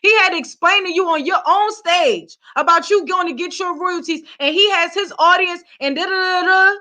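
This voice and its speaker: A woman's voice: very high voice, moderate pace, pushed and bright. A woman from Philadelphia hosting a celebrity gossip vlog, ranting heatedly and cursing as she talks straight to the camera. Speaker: vlog host.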